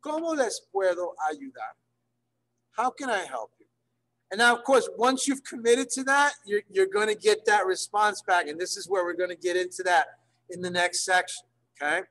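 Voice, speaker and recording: A man teaching library staff in an online workshop, checking in often with his class and slowing down to model phrases. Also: high-pitched, steady tone, fairly bright tone, rough recording. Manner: checks in often, gives examples slowly. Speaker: Spanish instructor for library staff.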